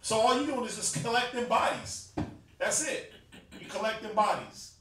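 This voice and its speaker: A Southern US man with a fairly high voice teaches a religious class in a loose, joking, conversational way. He laughs often and drops into slang. He is picked up from across a very echoey room by a distant mic, with faint hiss behind him. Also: moderate pace, fairly bright tone. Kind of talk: casual sermon-style class teaching.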